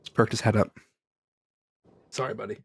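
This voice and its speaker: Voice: mid-range voice, steady tone, normal speed, slightly rough, no room sound, studio quality. A podcast co-host in casual chat, rambling and cutting in on himself, laughing often.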